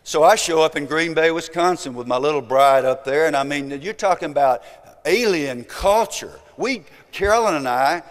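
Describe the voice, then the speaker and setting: A man's voice: on the high side, normal speed. Southern-accented older man, hall reverb. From American South. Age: 70s. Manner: emphatic, swinging from loud to hushed. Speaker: speaker. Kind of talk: motivational storytelling talk.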